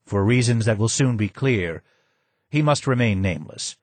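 A man's voice: lowish voice, expressive, moderate pace, a little mellow, no room sound. A man voicing a courteous, formal male guide who speaks politely and earnestly.

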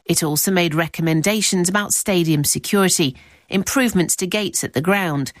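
A woman reporter reading scripted narration in a measured, even way. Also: fairly low pitch, no room sound, studio quality.

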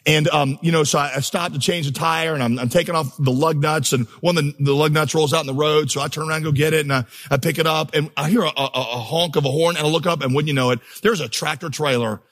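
Male pastor, sermon, impassioned, storytelling, emphatic crescendos, fairly high voice. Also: steady tone, fast talker, hardly any pauses, fairly bright tone. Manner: storytelling, humorous asides.

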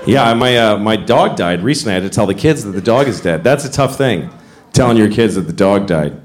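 A middle-aged man doing stand-up comedy, telling stories and acting out characters with big jumps in his voice. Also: a little fast. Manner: animated storytelling, acts out characters with big pitch jumps. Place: comedy club stage with audience. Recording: roomy live venue with noise.

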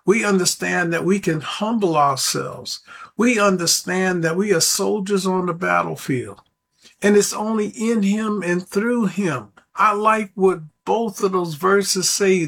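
A man's voice: sits high, vocal fry, fairly bright tone, breathy edge. A man preaching a radio sermon, earnest and pleading with his listeners.

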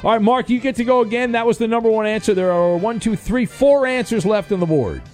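A man hosting a call-in game show on his radio show, animated and jokey, stumbling over fillers. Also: high-pitched, fast, soft background music.

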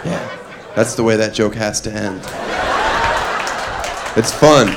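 A man performing a stand-up comedy set, mock-earnest and deadpan, with playful asides. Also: lowish voice, takes it slowly, a loud crowd. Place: comedy club stage with audience. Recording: live club, audience laughter and noise.

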